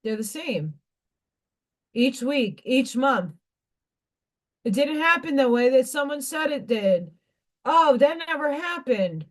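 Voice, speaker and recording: A woman hosts a casual live stream and speaks in a slow, unhurried way. Her voice sits a little high. She preaches about inner change with heated conviction and swears freely. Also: sing-song. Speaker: livestream craft host.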